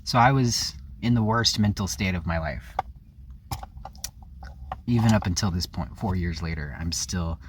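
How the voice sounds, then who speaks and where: Deep-voiced and a little slow, this man vlogs a frank, confessional story with long pauses and some faint background noise. He wanders, doubles back to fix what he said, and leans heavily on "like."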